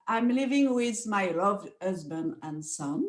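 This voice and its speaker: Slow French-accented woman, echoey room. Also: medium pitch, lively intonation. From France. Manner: hesitant, many fillers, soft laughs. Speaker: guest psychoanalyst and researcher. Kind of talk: interview answers in English.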